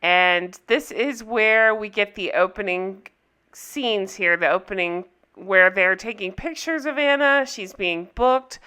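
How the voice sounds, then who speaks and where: A woman's voice: mid-range voice, slow pace, sharp tone, smooth. A woman hosting a casual TV recap vlog, chatty and giggly. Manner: chatty, giggly, keeps slipping into joke voices. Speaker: TV recap vlogger.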